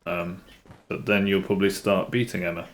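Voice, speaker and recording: A British man chatting casually while streaming a game live, unhurried and dryly joking with his viewers. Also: low-pitched, level tone. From Britain. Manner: unhurried, chatty, answers chat with dry humour. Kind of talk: casual live gameplay commentary.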